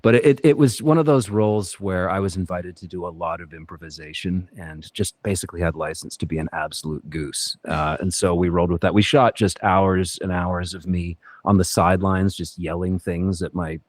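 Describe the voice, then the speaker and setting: A man's voice: sits low, fairly even intonation, normal speed, few pauses, no echo. A man, an actor appearing as a podcast guest, talking in a reflective, rambling way with many fillers and restarts. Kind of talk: casual podcast interview.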